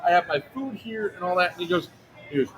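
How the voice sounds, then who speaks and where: A man rattles off a story at speed in a slightly high voice, casual and profane. He acts out the quoted lines with extra punch. Loud outdoor crowd ambience runs underneath the whole time. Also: animated, fast, slight background noise, low-quality recording. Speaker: livestream co-host telling a story. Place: outdoor airsoft event.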